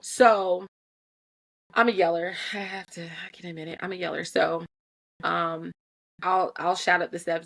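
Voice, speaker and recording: A woman's voice: on the low side, normal speed, creaky, pauses often. A woman, a mother in her thirties, speaking candidly and earnestly about parenting, owning up to her own faults with frequent restarts. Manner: earnest, self-critical, animated with restarts. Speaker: mother sharing parenting reflections. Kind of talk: candid personal talk.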